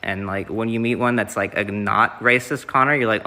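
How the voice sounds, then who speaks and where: A man's voice: lowish voice, steady tone, moderate pace, pushed and bright. A young man from the Southeast US, streaming and chatting casually in a rambling way, with lots of fillers and swearing.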